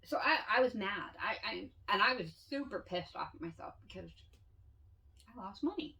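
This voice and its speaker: A woman's voice: medium pitch, lively intonation, moderate pace, sharp tone, recorded from a distance, poor audio. A woman telling stories in a candid casual monologue, swearing freely and laughing often. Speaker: vlogger.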